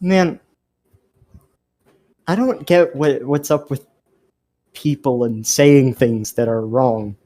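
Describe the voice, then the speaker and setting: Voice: medium pitch, slow pace, pauses often, warm tone. A player voicing a mouthy winged reploid in a tabletop game, argumentative and stammering. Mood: defiant.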